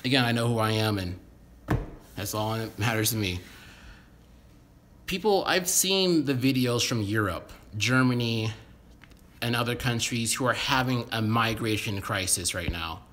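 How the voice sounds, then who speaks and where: A man's voice: medium pitch, animated, a little slow, pauses often, a bit bright. A man from the United States ranting to camera in a casual vlog, blunt and rambling, swearing constantly. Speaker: vlogger. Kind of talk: casual opinion rant to camera.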